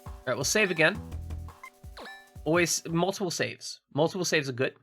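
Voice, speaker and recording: A man's voice: on the high side, expressive, normal speed, a bit bright, faint music behind. A man streaming a game in casual chat, joking and swearing and often repeating his words as he talks.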